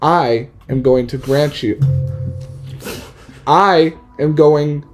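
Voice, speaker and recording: Ancient male rattlesnake guardian, high and showy, put on by a man telling a comic story. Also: very slow, faint music behind. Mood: weary. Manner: grandiose, dramatic announcer-like delivery. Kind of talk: comedic storytelling with put-on voices.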